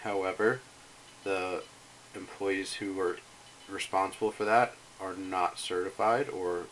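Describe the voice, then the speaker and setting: A man's voice: deep voice, fairly even intonation, a little slow, fairly bright tone, a little hiss or hum, rough recording. A man calling as a concerned citizen, asking careful, persistent questions about building safety. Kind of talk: phone inquiry.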